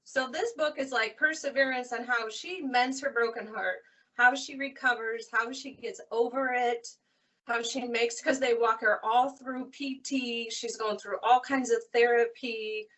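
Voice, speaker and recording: A woman librarian chatting casually about books, retelling stories in an animated way. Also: on the high side, a little slow, recorded from a distance. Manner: animated retelling, acts out characters' lines. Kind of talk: casual book recommendation chat.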